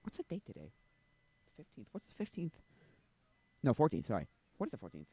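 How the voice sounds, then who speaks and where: A man's voice: mid-range voice, huge pitch swings, a little fast, mellow, slightly rough, no room sound. A man chatting casually on a livestream, rambling and thinking aloud as he picks songs. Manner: rambling, thinking aloud, sings along at times. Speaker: streamer.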